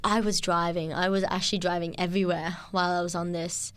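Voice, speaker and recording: A woman recounts her experience in an interview, earnest and halting, often restarting her sentences. Her voice sits on the low side. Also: level tone, fairly bright tone, clear, resonant tone. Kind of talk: testimony interview.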